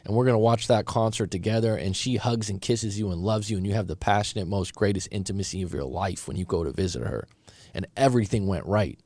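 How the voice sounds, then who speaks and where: A man's voice: on the low side, fast talker, darkish tone, dry recording. A middle-aged man hosting a breakup coaching stream, giving blunt, conversational advice to a viewer and often restarting his sentences. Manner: blunt, conversational, repeats and restarts, calls listener bro. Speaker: breakup coach and show host. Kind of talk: live-stream advice talk reacting to a viewer story.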